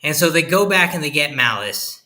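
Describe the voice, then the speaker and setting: A man co-hosting a casual podcast review chat, retelling a plot with lively storytelling. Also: fairly high pitch, a little fast, crowd noise. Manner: animated plot retelling with acted quotes. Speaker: podcast co-host.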